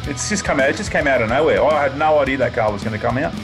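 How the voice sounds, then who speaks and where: A man's voice: medium pitch, very fast, over music. A man with an Australian accent hosting a casual podcast, laid-back and matey. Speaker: podcast host.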